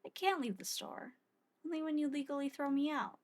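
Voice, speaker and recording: A woman's voice: high-pitched, a little fast, voice pushed up, close to an everyday voice. A woman voicing a mysterious non-human shopkeeper who teases yet looks out for the hero, dry and bossy. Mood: calm. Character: mysterious non-human woman bound to a shop, teasing but caring.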